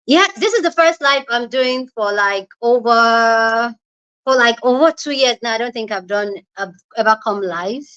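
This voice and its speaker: A woman's voice: fairly high pitch, a little slow, a bit bright, smooth, highs cut off. A young woman with a Nigerian accent hosting a casual livestream chat from home, bubbly and laughing often as she greets viewers. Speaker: livestream host.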